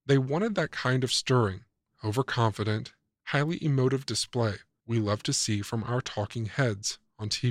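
A man narrating a scripted reflective essay as a commentator, calm, measured and persuasive. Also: mid-range voice, dry recording, studio quality.

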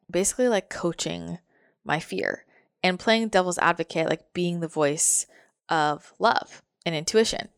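A woman's voice: on the low side, moderate pace, vocal fry, fairly bright tone, clear, resonant tone, no echo, clean studio sound. A woman giving a casual, reflective motivational monologue, full of fillers like "like" and repeated phrases.

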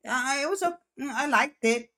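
A woman's voice: high voice, moderate pace, pushed and bright. A middle-aged woman, mother of one of the hosts, gushing enthusiastically in a casual review chat. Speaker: panelist, mother of a co-host.

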